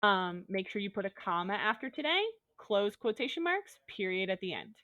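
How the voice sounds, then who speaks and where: A woman's voice: mid-range voice, big pitch swings, normal speed, sharp tone, no echo, highs cut off. Woman teacher, patient and methodical, mid-range voice, dry close recording. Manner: patient, step-by-step explaining. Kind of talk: remote grammar lesson.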